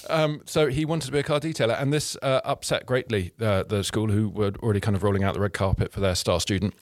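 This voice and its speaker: A man's voice: fairly low pitch, steady tone, fast, dry recording, studio quality. A man hosting a podcast in casual chat, rambling with frequent restarts and laughs. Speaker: podcast host.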